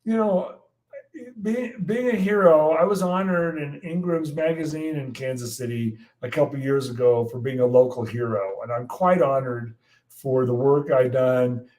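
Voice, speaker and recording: A man in his sixties from the United States, a guest meteorologist telling animated stories in an interview and acting out the quotes. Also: medium pitch, normal speed, rough recording. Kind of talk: storytelling in an interview.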